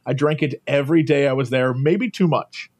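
Over a poor-quality mic, this podcast co-host recounts his travels at normal speed with a medium-pitched voice. The chat is casual and animated, full of laughter, as he impersonates the people he encountered.

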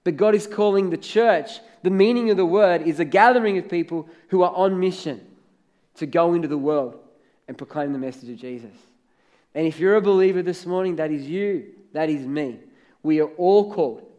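Aussie pastor guy preaching, fairly high voice, chatty storytelling that builds up loud. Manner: storytelling, conversational with rising emphatic peaks. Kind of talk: sermon.

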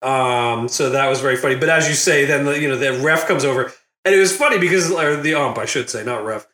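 A man hosting a casual movie recap podcast, laughing often and acting out quotes in a loud, high voice. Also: a little fast, echoey room. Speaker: podcast host.

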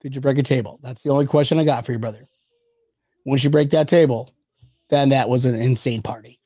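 An excitable young man co-hosts a casual fan podcast, joking around and breaking into laughter. His voice sits in a middling register, and the sound is dry and close with little room tone. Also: mid-range voice, a little fast, dry recording. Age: young adult. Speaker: podcast co-host. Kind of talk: casual chat.

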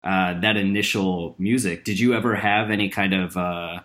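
A man's voice: deep voice, fairly even intonation, normal speed, fairly bright tone. A man hosting a casual chat who lays out careful, analytical points and asks long questions.

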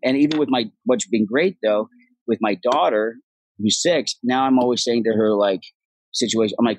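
A man's voice: mid-range voice, moderate pace, a little mellow, dry recording, poor audio. A middle-aged man from Ireland, an actor guest telling stories in casual podcast chat, swearing freely and acting out the voices of people he quotes.

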